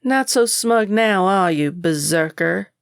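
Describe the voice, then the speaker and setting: A woman's voice: medium pitch, expressive, slow, vocal fry, smooth, no echo, studio quality, voice pushed up. A woman doing a scornful, cursing old groundskeeper. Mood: menacing. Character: gruff, irritable middle-aged male groundskeeper. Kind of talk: audiobook character voice.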